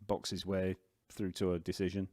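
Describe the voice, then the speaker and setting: A man with a Yorkshire accent, a bass teacher chatting casually on a live stream, rambling and reading out viewer comments. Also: completely flat delivery, moderate pace, a little mellow, dry recording, studio quality. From Yorkshire, northern England.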